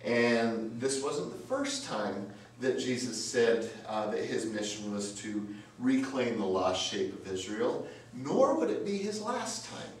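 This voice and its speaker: A man preaches slowly and emphatically, his pitch rising and falling widely as he repeats phrases and asks rhetorical questions. He is heard from a distance in a church sanctuary with heavy echo and a faint noise underneath. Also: expressive. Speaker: pastor. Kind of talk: sermon. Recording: very echoey church, mic from afar, faint noise.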